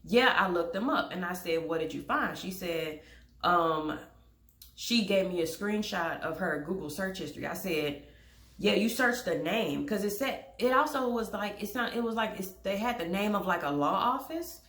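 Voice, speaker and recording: A woman's voice: mid-range voice, moderate pace, fairly bright tone, echoey room. A young woman telling a story to camera in a blunt, exasperated way, swearing freely. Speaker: vlogger.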